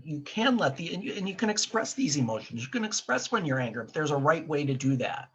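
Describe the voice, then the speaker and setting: A man who works as a therapist, co-hosting a casual podcast chat, earnest and halting as he restarts his words. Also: fairly high pitch, big pitch swings, a bit bright. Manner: earnest, repeats words as he starts sentences.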